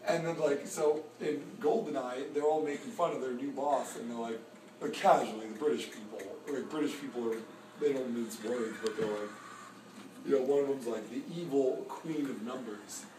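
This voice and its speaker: A man's voice: medium pitch, steady tone, moderate pace. A man talking in a rambling, disjointed way, full of filler words, while intoxicated, in a motel lobby. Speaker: motel guest. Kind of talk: rambling monologue. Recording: echoey room, distant phone, background noise.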